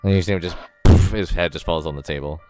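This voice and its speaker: A man's voice: low-pitched, fairly even intonation, fast, darkish tone, soft background music. A man, the dungeon master, casually narrating a tabletop game.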